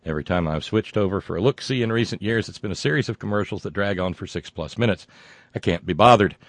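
An older American man with a somewhat low voice reads listener mail on his show. His delivery is wry and digressive, with plenty of asides. The recording is dry and close, with no room sound. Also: fast talker, no echo. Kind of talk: casual talk show.

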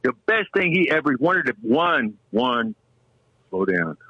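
A man chatting casually as a co-host, rambling and excitable with some swearing. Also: medium pitch, unhurried, breathy edge, dry recording, muffled recording. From American South. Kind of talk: casual chat.

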